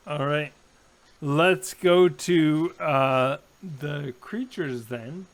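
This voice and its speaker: Slow-talking man running a tabletop game. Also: on the high side. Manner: unhurried, halting narration with many fillers. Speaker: dungeon master.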